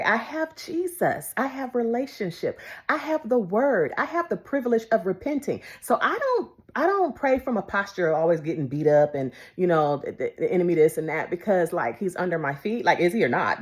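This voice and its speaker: A woman preaching a devotional sermon, emphatic and repetitive, moving between loud declarations and hushed whispers. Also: medium pitch. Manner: repeats phrases for emphasis.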